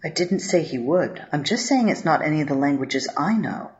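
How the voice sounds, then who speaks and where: A woman's voice: deep voice, lively intonation, normal speed. A woman voicing an earnest, easily awed young man in a narrated story. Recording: dull lo-fi audio.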